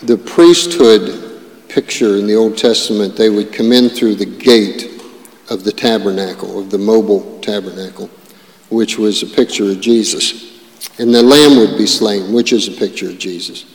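A man preaching a sermon as pastor, animated and full of rhetorical questions and asides. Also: lowish voice, moderate pace. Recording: echoey hall with long reverb.

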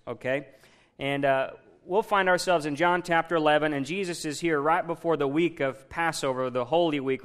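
Guy preaching a sermon, chatty, keeps asking the crowd stuff, kinda high voice. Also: fairly bright tone, smooth. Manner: conversational, asks the congregation questions.

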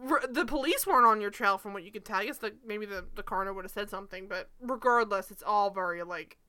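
A woman co-hosting a casual show recap, animated and sarcastic, swearing and laughing often. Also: medium pitch, quick pace. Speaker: podcast co-host.

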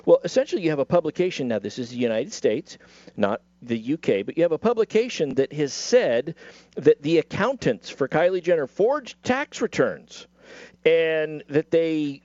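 A man co-hosts a casual talk show with dry, wry humor. His pitch swings around animatedly, and the audio is dry and lo-fi. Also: very animated, normal speed, a little mellow, dry recording. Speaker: co-host. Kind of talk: casual chat.

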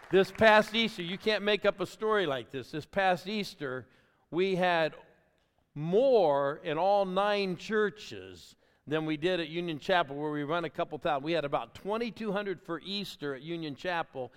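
An older man preaching a lively sermon with church stories, exuberantly calling on the congregation to cheer. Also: a little high, clean tone. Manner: exuberant, calls on the crowd to applaud. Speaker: church planting pastor. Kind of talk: energetic sermon storytelling. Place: large church auditorium. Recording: long hall reverb.

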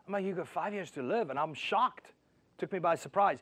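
High-voiced preacher swinging loud to hushed. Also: male voice, animated, brisk, slightly rough. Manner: asks the audience rhetorical questions. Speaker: pastor. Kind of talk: sermon.

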